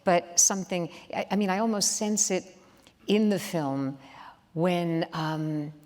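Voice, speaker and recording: A woman with a very low voice hosting an onstage interview. She asks her questions thoughtfully and carefully, hesitating as she searches for words. A long hall reverb trails every line. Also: fairly even intonation, slow pace, a little mellow. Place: large theater hall, live audience.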